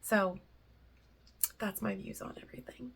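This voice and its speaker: A woman vlogger speaks to camera with a gravelly, husky voice. She talks about faith in an earnest, heartfelt way and drifts into chatty, rambling asides. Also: mid-range voice, fairly even intonation, unhurried. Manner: earnest and heartfelt, close to tears at times; chatty and rambling between thoughts. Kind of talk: casual faith talk to camera.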